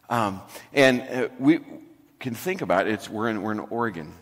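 A man's voice: on the low side, expressive. Man preaching in a reverberant hall. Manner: warm conversational preaching with humor, pauses and dropping to soft emphasis. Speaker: pastor. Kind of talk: sermon.

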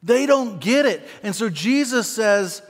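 A man preaching a sermon as pastor to a church congregation, animated and acting out scenes. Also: high-pitched, a little slow. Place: church sanctuary. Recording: long reverb of a church hall.

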